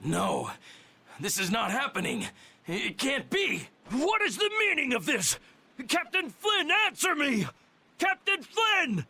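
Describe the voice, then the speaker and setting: An actor playing a pompous middle-aged knight captain in a video game, speaking in a formal, theatrical, indignant way. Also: male voice, very high voice, wildly swooping pitch, takes it slowly, vocal fry, bright, forceful tone, breathy edge, exaggerated voice. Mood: distraught.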